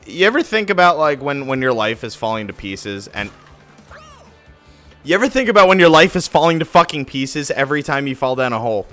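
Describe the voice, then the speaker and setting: A male streamer ranting at home over his game, his bright, edgy voice leaping from loud outbursts down to low grumbles. He swears constantly, and faint game music plays behind him. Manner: swearing, swings from shouting to muttering. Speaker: live streamer. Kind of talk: profane rant-style game commentary.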